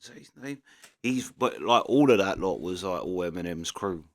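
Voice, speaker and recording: A young man with a London accent talks through a reaction video in a casual, rambling way at a moderate pace. His voice sits low and deep, and he often stops, restarts his sentences, and fills gaps with fillers.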